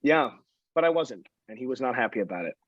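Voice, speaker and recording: A young man in a band, telling an animated story in a casual interview and laughing as he goes. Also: mid-range voice, fast, no echo. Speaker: band member. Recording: dry, dull lo-fi.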